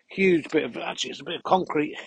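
A man hosting a podcast, talking in a deadpan, mock-serious ramble while walking a dog through the countryside. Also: fairly high pitch, fast talker, creaky, husky, dry recording, rough recording. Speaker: podcast host. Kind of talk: comic rambling monologue on a walk.

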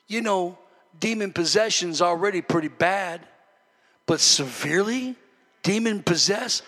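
A man's voice: sits high, animated, measured pace, bright, forceful tone. A man preaching a sermon, fervent and emphatic, with folksy asides to the congregation. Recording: echoey church hall.

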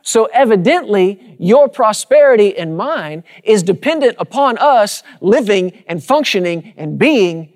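A man's voice: high voice, expressive, unhurried, few pauses, darkish tone. A man preaching a sermon to a congregation, using rhythmic repetition and calling out to the listeners. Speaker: pastor. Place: church sanctuary with congregation.

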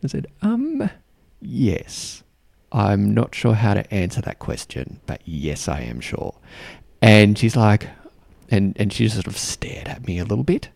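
A man's voice: fairly low pitch, expressive, moderate pace, creaky, a little mellow, dry recording. An Australian man telling a story in a chatty podcast style, with lots of ums and likes, sometimes acting out other people's lines. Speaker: podcast host. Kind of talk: casual storytelling.

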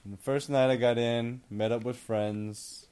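A man's voice: medium pitch, steady tone, measured pace, darkish tone, smooth. Dry, contrarian American man co-hosting. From United States. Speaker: podcast co-host. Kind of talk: casual chat.

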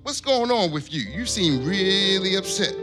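A self-important pastor, played by a man, speaks in a high, lively voice that swings widely. He is brusque and commanding. Music plays clearly behind him. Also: unhurried. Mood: concerned. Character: bossy middle-aged male pastor, impatient. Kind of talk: church comedy drama acting.

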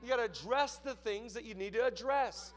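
A man preaching a sermon as pastor, telling stories with lively, acted-out voices. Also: extremely high pitch, a little fast. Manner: animated storytelling, acts out voices.

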